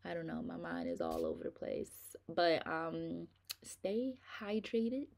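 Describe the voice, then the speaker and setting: A woman's voice: low-pitched, huge pitch swings, slow, creaky, a little mellow. Tired, chatty middle-aged woman vlogger. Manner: chatty, rambling, informal, addresses viewers as y'all. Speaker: nail vlogger. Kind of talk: casual chat to viewers.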